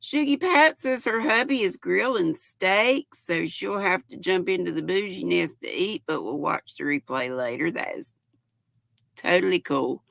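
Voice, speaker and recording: An older woman in her sixties hosts a relaxed livestream, reading comments aloud and greeting each viewer as sweetheart or honey. Her voice is gravelly and cracks at times, with a bright edge and an unhurried pace. The sound is close and dry. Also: lowish voice, no echo. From North Carolina. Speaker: livestream host.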